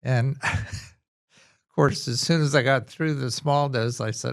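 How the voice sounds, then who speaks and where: A man hosting an interview podcast, speaking in a measured, appreciative way. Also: mid-range voice, fairly even intonation, gravelly, fairly bright tone. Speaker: podcast host. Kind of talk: conversational interview.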